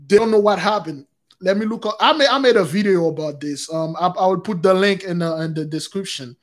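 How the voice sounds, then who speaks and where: A man with a notably high voice shares a loose, rambling testimony with his online congregation. He stumbles and restarts often and keeps turning to his listeners as brothers and sisters. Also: fairly quick. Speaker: religious YouTube channel host. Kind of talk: casual spoken testimony.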